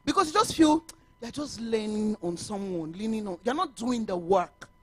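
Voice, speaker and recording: Animated Nigerian woman giving a talk. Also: mid-range voice, moderate pace, slightly rough, no room sound. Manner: animated, mixes Yoruba and English, laughs often. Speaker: conference speaker. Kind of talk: motivational talk to realtors. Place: conference hall.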